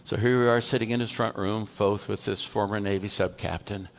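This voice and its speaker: Gravelly-voiced male pastor telling a story. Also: on the low side, steady tone, brisk. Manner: conversational, tells a story through quoted dialogue. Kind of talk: storytelling sermon. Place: church.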